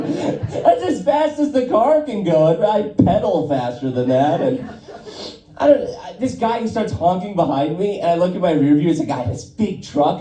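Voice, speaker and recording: A man doing a stand-up comedy set, telling profane, self-deprecating stories in a lively way. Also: sits high, distant mic. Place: live comedy venue. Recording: roomy live sound, voice off-mic, crowd laughing. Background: audience laughter.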